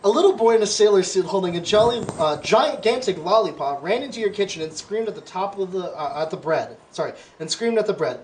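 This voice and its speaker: A man's voice: high voice, expressive, a little fast, few pauses, a little mellow. A man hosting a casual comedy podcast, playfully reading quiz questions aloud and quizzing his guests. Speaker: podcast host.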